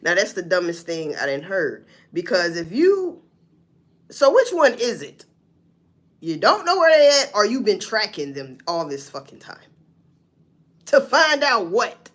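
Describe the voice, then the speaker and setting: A woman's voice: mid-range voice, measured pace. A woman hosting a live stream, reading news items aloud and reacting with profane, mocking commentary. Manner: animated and profane, mocking news quotes, laughing, swinging from loud to mutter. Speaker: livestream host.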